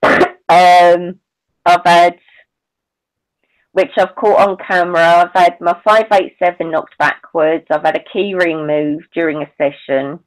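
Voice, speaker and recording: A woman with a Southern English accent and a slight Irish twang, chatting casually as a paranormal co-host, with halting restarts. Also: lowish voice, fairly even intonation, poor audio. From England, family from Belfast. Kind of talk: casual chat.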